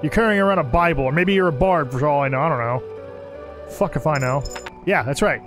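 A young man giving joking, animated commentary while playing a game, swearing and talking to the characters. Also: a little high, brisk, over music. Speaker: gaming channel host. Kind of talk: casual gameplay commentary.

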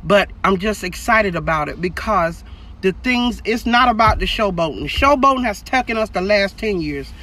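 A woman's voice: medium pitch, lively intonation, moderate pace, sharp tone. Emphatic middle-aged woman preaching. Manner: emphatic, preachy, calls out to viewers. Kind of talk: livestreamed encouraging sermon. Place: parked car in a driveway.

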